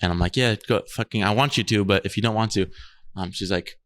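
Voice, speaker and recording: A man's voice: lowish voice, quick pace, a bit bright. Young man rambling through a funny story. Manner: rambling storyteller, laughs often, swears freely. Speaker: podcast co-host. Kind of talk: casual chat.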